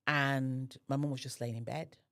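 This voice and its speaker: A woman's voice: very deep voice, normal speed. A woman, a podcast guest, telling a personal story in conversation and acting out the other people's voices. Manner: animated, acts out the voices of others in her story.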